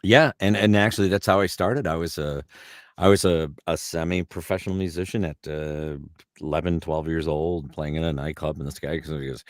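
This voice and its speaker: A middle-aged voice actor in a casual interview, rambling through stories and laughing often, heard over a video call. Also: male voice, rumbling low, fairly even intonation, a little fast, dry recording, studio quality. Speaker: voice actor guest.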